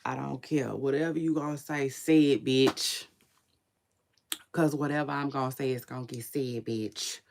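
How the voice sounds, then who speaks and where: At normal speed and in a steady tone, a forties-aged woman talks in a creaky, smoky, low and darkish voice, with a little hiss or hum on the audio. An online commentator, she chats to livestream viewers in a sleepy, laid-back, slangy manner.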